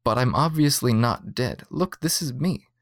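A man's voice: mid-range voice, animated, moderate pace, no room sound, clean studio sound, natural voice. A man voicing an exasperated woman pleading her case. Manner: annoyed, insistent. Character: exasperated adult woman stuck in bureaucracy.

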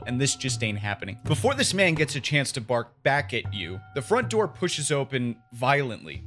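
A man narrating a tabletop game as game master, describing scenes in an animated way. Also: mid-range voice. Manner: animated, descriptive, chuckling at slips.

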